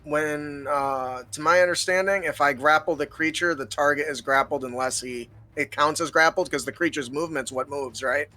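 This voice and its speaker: A man at a tabletop game talks through the rules and narrates his character's attacks. His voice is bright and a touch high. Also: moderate pace, few pauses, faint music behind. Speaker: player. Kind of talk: playing a tabletop game, casual chat.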